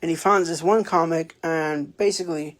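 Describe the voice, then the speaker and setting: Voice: medium pitch, steady tone, moderate pace. Rambling casual book-review host. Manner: rambling, many fillers and restarts; acts out characters' lines in a raised voice. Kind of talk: casual spoken book review, retelling the plot.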